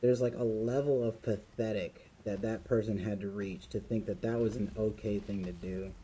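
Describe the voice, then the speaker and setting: A man streaming a game who angrily swears at and scolds his chat, then vents in a fast rant. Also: steady tone, dark tone, slight background noise, rough recording. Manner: muttering, drops to low volume while filing a report. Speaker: gaming streamer. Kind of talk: live-stream chat reaction.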